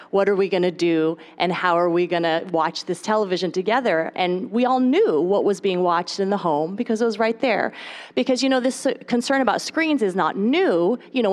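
Woman in her thirties, mid-pitched, animated stage speaker who talks right to a group of moms. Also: a little fast. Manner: chatty, animated, talks straight to the audience. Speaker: speaker at a moms' gathering. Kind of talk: live talk to an audience. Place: stage at a podium.

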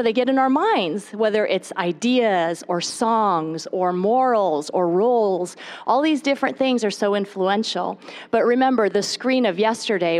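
Woman in her thirties, mid-pitched, animated stage speaker who talks right to a group of moms. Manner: chatty, animated, talks straight to the audience. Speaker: speaker at a moms' gathering. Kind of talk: live talk to an audience. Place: stage at a podium.

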